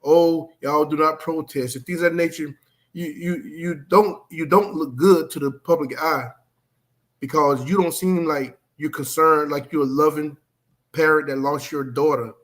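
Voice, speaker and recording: Halting, stammering man on a live stream. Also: fairly high pitch, steady tone. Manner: halting, restarts his words often.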